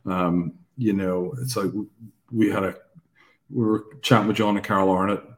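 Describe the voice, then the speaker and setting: Male podcast co-host, deep and even, wry and self-mocking, sincere underneath. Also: moderate pace. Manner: jokey and self-deprecating, then earnest. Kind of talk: casual faith conversation.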